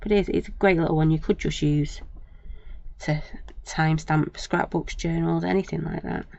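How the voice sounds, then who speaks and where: Low gravelly woman crafting. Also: steady tone, moderate pace, a little mellow. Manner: chatty, thinks aloud, many tag questions. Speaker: craft demonstrator. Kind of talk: live crafting demo chat. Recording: dull lo-fi stream audio.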